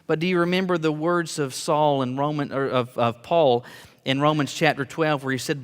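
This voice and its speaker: A man's voice: a little high, steady tone, normal speed, smooth. A man preaching a sermon earnestly, with emphatic rising peaks and small stammered restarts. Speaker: pastor. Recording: long hall reverb.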